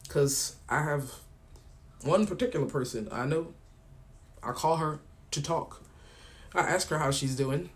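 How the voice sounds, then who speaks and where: A man's voice: fairly high pitch, a little slow, long pauses. A man hosting his own podcast, talking casually in a loose, rambling way. He tells stories and acts out both sides of phone calls. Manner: loose and colloquial, with frequent slang. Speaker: podcast host. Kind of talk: casual monologue.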